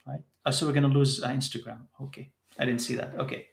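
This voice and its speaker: A man's voice: medium pitch, flat delivery, fast talker, creaky, reverberant. A man teaching in a live question-and-answer session, repeating short phrases for emphasis.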